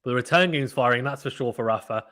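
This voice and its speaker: A man hosting a live tennis watchalong stream, calling play-by-play with animated reactions and reading chat messages. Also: medium pitch. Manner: fast, animated play-by-play, reads chat aloud. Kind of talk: excited casual live commentary.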